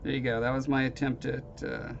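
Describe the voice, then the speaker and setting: A man's voice: medium pitch, level tone, a little fast, vocal fry, music in the background. A man casually chatting with viewers on his live stream, rambling and self-deprecating, with hesitant restarts. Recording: dull lo-fi stream audio with faint noise.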